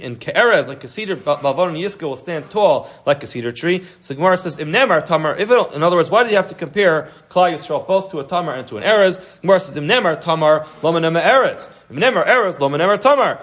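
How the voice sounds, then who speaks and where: A man's voice: a little high, fairly bright tone. A man teaching a Talmud class, reading Aramaic phrases and then explaining them in casual English. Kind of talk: Daf Yomi class, reading and translating aloud.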